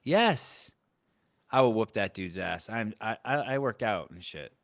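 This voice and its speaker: Podcast host in his forties, low-voiced and blunt, cursing casually, dry close mic. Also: moderate pace, gravelly, no echo. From Armenian heritage. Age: 40s. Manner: blunt, profane, jokey.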